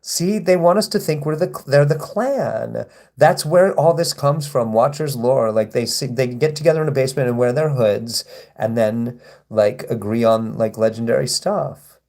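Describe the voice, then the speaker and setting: Male streamer, provocative and baiting, reads comments aloud, middle-pitched voice. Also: normal speed, gravelly, darkish tone. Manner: taunting, provocative, swearing; reads viewer comments aloud and answers them. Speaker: livestreamer. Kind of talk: live stream reading chat comments and replying.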